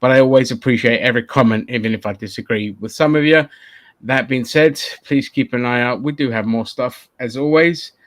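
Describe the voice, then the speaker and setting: A man at mid pitch hosts a loose, rambling podcast chat. He swears freely and laughs often. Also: a little fast. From London. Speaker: podcast host.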